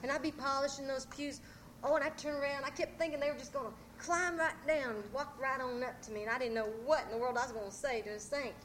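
A woman telling folk tales live to an audience in a church, animated and drawling. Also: high voice, fast talker, slight background noise. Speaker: storyteller.

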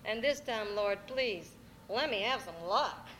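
A woman's voice: medium pitch, unhurried, a bit bright, slight background noise, lightly acted, poor audio. A woman voicing a humble male gambler who bargains and prays in an earnest drawl. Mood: prayerful. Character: humble Cajun gambler man pleading.

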